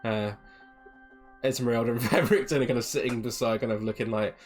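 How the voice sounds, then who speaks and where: Man, game master, rambling narration, fillers, mid pitch, faint music. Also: fairly even intonation, normal speed, pauses often. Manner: rambling, filler-heavy, laughing.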